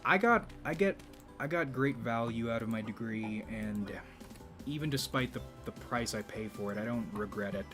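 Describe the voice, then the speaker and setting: A man hosting a YouTube channel in a rambling, casual monologue, speaking in a deliberately low register with a slight vibrato. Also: music in the background. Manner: rambling, with frequent restarts and profanity.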